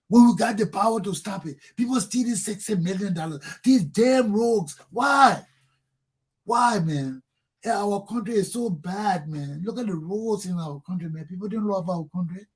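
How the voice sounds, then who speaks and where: A man's voice: sits high, normal speed, slightly rough. A man with a Liberian English accent hosting a talk show, delivering an angry, profane political monologue. He keeps repeating phrases and ends lines with "man".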